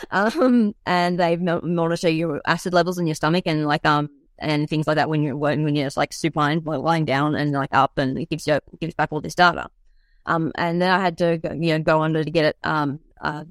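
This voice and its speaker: A young woman tells her own story in a halting way, full of fillers and restarts. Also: low voice, no room sound, studio quality. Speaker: guest sharing her illness story. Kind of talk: personal storytelling.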